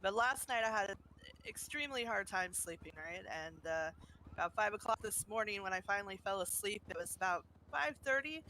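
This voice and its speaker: Bright-voiced woman telling a memorial story. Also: medium pitch, animated, brisk, slight background noise. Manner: storytelling, laughs between lines. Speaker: roleplay community member.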